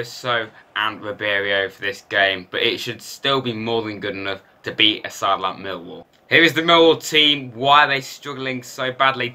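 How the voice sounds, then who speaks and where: A man commentating his football video game in a lively, self-mocking way. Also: on the low side. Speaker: gaming YouTuber.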